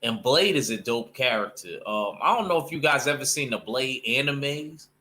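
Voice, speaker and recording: A man's voice: medium pitch, expressive, moderate pace, sharp tone. A man chatting casually about comic books in a rambling way, with loose slang and lots of fillers. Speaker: comic book vlogger. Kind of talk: casual chat.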